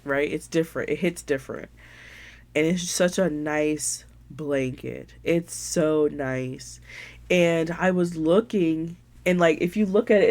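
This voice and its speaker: Slow-talking gushing woman host. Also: lowish voice. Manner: gushing and sentimental, many "like" fillers. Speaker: podcast host. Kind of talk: casual show-and-tell chat.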